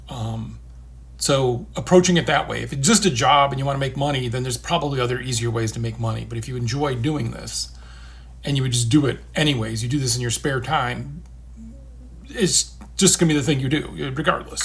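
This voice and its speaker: A man's voice: mid-range voice, brisk, a bit bright. A middle-aged man talking casually and earnestly, reassuring listeners and repeating phrases for emphasis. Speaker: game industry veteran sharing advice. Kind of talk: casual livestream chat.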